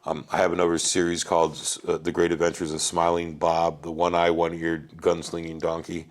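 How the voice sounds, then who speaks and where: A man telling family stories in a casual chat, animated, acting out his kids' lines and often calling the listener "bro.". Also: low-pitched, fairly quick. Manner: animated, swears, says "bro" a lot. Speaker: podcast guest. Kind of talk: casual storytelling.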